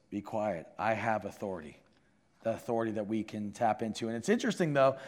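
A man preaching a sermon to a congregation, shifting between loud emphasis and hushed intensity. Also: medium pitch. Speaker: pastor. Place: church sanctuary with congregation. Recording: long hall reverb from a sanctuary.

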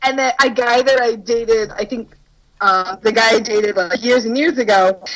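A woman's voice: a little high, normal speed, a bit bright, rough recording. A young woman telling stories in casual chat, crude and self-mocking, laughing often as she talks.

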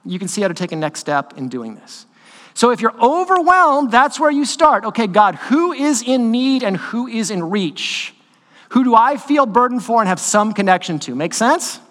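A man preaching a sermon as pastor, talking in a conversational, animated way with quick asides to the congregation. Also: very high-pitched. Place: church sanctuary. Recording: long hall reverb in a church.

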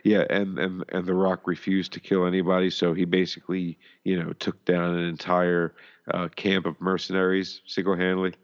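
A man co-hosting a casual movie-review podcast, talking in halting bursts full of fillers and laughing along. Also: deep voice, monotone, lo-fi sound. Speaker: podcast co-host.

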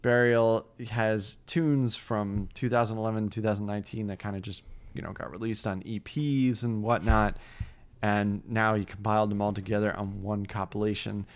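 A man's voice: lowish voice, steady tone, moderate pace. A man hosting a casual podcast, upbeat and chatty, rambling with fillers and frequent laughs. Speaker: podcast host.

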